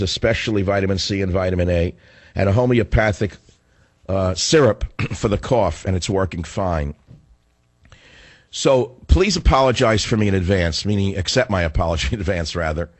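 A man's voice: deep voice, normal speed, no room sound. A male radio host who is getting over the flu and has a cough, delivering a combative, sarcastic talk radio monologue. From northern United States. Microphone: studio microphone.

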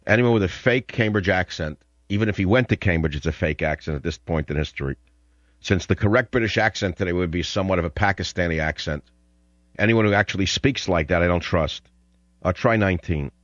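An older man holds forth on his radio talk show, drifting from topic to topic and flaring into combative rants. His voice sits low, and the sound is dry and a bit dull. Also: a little fast, dry recording. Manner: combative, rambling, ranting. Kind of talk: opinionated radio monologue.

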